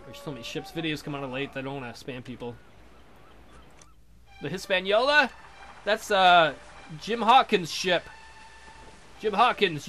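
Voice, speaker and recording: A man's voice: a little high, sharp tone, slight background noise. A young man giving casual, joking commentary over a pirate video game, with crude, playful asides. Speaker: let's play gamer.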